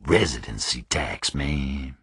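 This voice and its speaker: A hulking, menacing prison gang bully taunts in a low, quiet drawl, as a male audiobook narrator puts him on. The voice sits well below the reader's own and stays husky. It comes across dry and close, with no room around it. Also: slow, no echo, full character voice. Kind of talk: audiobook character voice.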